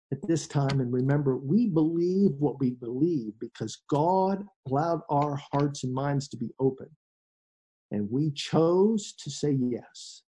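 A middle-aged male pastor preaching a sermon in an earnest way, dropping to a hush and then rising to emphasis. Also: a little high. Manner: earnest, shifts between hushed and emphatic.

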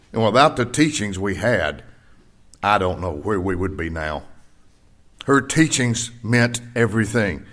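An older man preaching a sermon to his congregation, swinging between rising emphasis and quiet personal stories. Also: mid-range voice. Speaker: pastor.

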